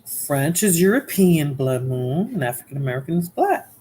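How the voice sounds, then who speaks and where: A woman's voice: low-pitched, big pitch swings, normal speed, warm tone, poor audio. A woman hosting a casual livestream, chatting to viewers in chat by name in a drowsy, rambling way. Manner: drowsy, rambling with fillers and restarts. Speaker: livestream host.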